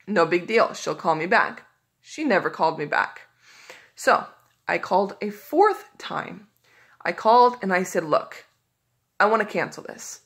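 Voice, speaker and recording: A woman's voice: fairly low pitch, lively intonation, unhurried, creaky, fairly bright tone, husky. A woman vlogging in a casual storytelling style, recounting a run of phone calls with frustration and exasperation. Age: adult.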